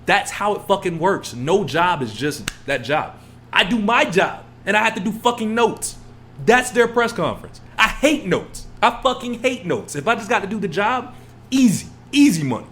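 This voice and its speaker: A young man co-hosting a podcast, ranting in a heated, profane, casual way and mimicking other people in low mumbled asides. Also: animated, moderate pace, fairly bright tone. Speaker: podcast co-host.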